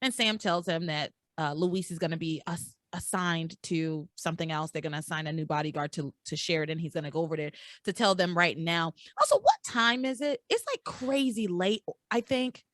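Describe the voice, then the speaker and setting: A woman co-hosting a casual podcast, talking in an animated rush of restarts and fillers. Her pitch swoops widely as she goes. The sound is dry and close, with no room around it. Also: normal speed, hardly any pauses, no echo. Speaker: podcast co-host. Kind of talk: casual recap chat.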